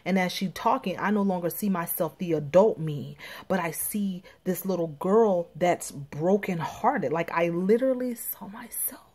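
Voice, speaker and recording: Woman, from Florida, lowish voice, life coach, personal testimony, intimate and emphatic, near whispers at times. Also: moderate pace, darkish tone, slightly rough.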